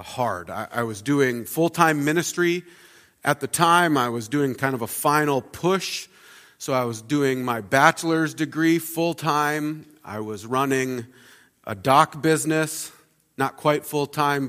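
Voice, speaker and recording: A pastor in his thirties gives a conversational, reflective sermon full of fillers in a church sanctuary. His mid-range voice has a fairly bright tone, and the church hall adds long reverb.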